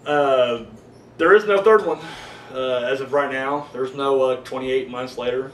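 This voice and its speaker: A man's voice: mid-range voice, a little slow, fairly bright tone, a little hiss or hum. A man giving a casual, rambling horror movie review, swearing freely and full of fillers. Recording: echoey room, voice a bit far from the mic.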